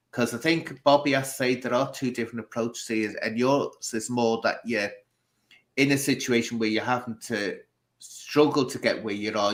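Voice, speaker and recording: A man's voice: mid-range voice, a bit bright, poor audio. A man hosting a conversation, musing aloud and putting long, loosely strung questions to his guests. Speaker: host. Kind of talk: casual chat.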